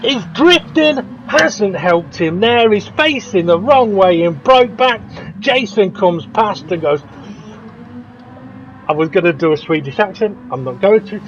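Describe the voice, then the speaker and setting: A man commentating a sim race, excitable, laughing often and jumping up at crashes. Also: high-pitched, a little slow. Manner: excitable, laughs often, rises sharply at incidents. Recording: dull lo-fi audio with clear background noise.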